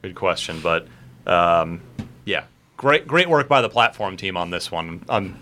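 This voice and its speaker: A man's voice: sits low, expressive, unhurried, sharp tone. A man hosting a casual gaming podcast, enthusiastic and leading the segments, with frequent fillers. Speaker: podcast host. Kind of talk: casual chat.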